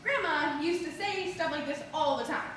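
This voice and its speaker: A woman's voice: high-pitched, moderate pace, fairly bright tone. A woman performing a theatrical monologue as a restless, emotional woman, telling her story in a charged, confessional way. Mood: reflective. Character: restless, ungrateful woman stranded waiting, emotional. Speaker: stage actor performing a monologue. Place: theater stage. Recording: distant echoey hall recording with background noise.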